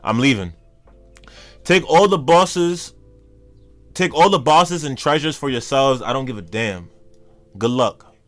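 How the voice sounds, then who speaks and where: A man reading out the lines of wary adult hunters from a comic, in a lower, flat voice. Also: a little slow, pauses often, soft background music. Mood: dismissive. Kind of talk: reading comic dialogue aloud.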